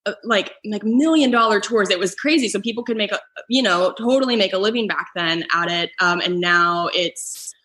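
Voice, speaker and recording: A woman's voice: lowish voice, sharp tone. A young adult woman, a comedian and guest, chatting casually on a podcast and filling her sentences with "like". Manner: chatty, lots of "like" fillers. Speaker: comedian and foosball player guest.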